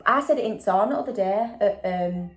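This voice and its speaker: A woman's voice: medium pitch, a little fast. A woman, chatting casually in a vlog and tagging questions onto her sentences. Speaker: vlogger. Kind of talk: casual chat.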